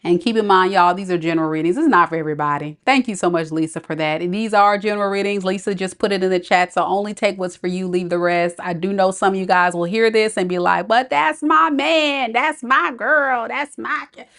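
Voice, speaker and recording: A woman's voice: lowish voice, fairly even intonation, quick pace, hardly any pauses. A woman tarot reader, chatting on a live stream, reading viewers' comments aloud and laughing often. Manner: chatty, reads chat aloud, frequent laughter.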